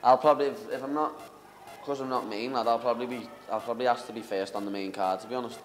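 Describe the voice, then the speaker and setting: A young man with a Liverpool accent talks in a relaxed interview, cocky and brash. He keeps calling the other man "lad" and jokes his way through every answer at an ordinary, middle pitch. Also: fast. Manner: cocky, banter-heavy, says "lad" constantly. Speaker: MMA fighter. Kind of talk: casual interview.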